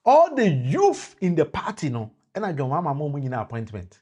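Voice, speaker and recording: A man's voice: a little high, huge pitch swings, brisk, warm tone, husky. Ghanaian man mixing Twi and English. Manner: mixes Twi and English, repeats and restarts, addresses viewers by name. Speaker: political commentator. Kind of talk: live-stream political talk.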